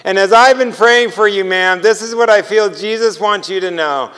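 High-voiced man telling a sermon story. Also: moderate pace, clear, resonant tone, big-room sound. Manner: animated storyteller, acts out dialogue with laughs. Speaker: preacher.

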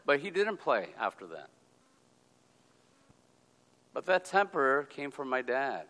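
A man giving a personal storytelling talk, speaking in deliberate, drawn-out phrases with pauses and checking in with "okay?". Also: medium pitch, big pitch swings, fairly bright tone. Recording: long hall reverb.

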